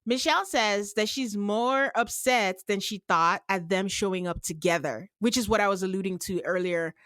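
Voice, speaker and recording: A woman hosting a casual podcast recap, telling the story with lively acted-out quotes. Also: moderate pace, dry recording. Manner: animated storyteller, acts out quotes with big pitch jumps. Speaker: podcast host recapping a reality show. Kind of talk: casual chat.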